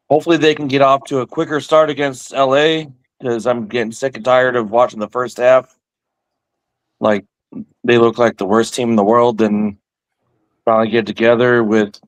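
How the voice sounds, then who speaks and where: A man co-hosting a sports podcast, talking in a relaxed way with frequent laughs. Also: medium pitch, no echo, rough recording. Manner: slow, laid-back, laughs often. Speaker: podcast co-host. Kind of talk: casual sports talk.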